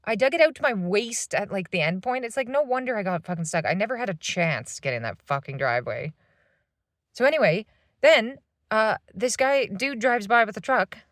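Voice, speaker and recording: A woman's voice: medium pitch, lively intonation, brisk, fairly bright tone, dry recording, studio quality. Frustrated woman in her thirties ranting. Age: 30s. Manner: frustrated, swearing, rambling. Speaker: vlogger. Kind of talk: casual venting monologue. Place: parked van, indoors.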